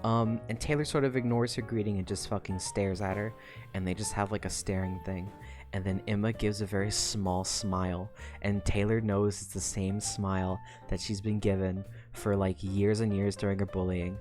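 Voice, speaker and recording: A woman's voice: very deep voice, fairly even intonation, normal speed, music in the background. A woman streamer casually recapping a story, profane and emotional, often sighing and laughing between thoughts. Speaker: streamer recapping a web serial.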